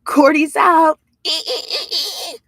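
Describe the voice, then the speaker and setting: A woman reading a story aloud, voicing an odd, reckless boy who speaks gravely and mocks others in a thin falsetto. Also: slow, no room sound, clean studio sound, full character voice. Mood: mocking. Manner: grave deadpan, mocking falsetto.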